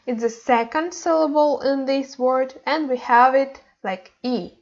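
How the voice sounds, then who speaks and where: Slow high-voiced woman teacher, muffled. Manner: halting, many fillers and restarts. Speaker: language teacher. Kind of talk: explaining lesson.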